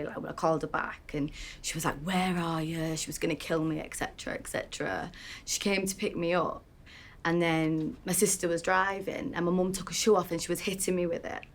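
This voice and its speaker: Actress doing a frank young british woman, low-ish voice, lots of likes and ums. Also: a little hiss or hum, close to an everyday voice. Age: young adult. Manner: candid, hesitant, full of fillers. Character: frank, self-mocking young woman from a strict family. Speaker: interviewee recalling her past. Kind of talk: verbatim theatre monologue.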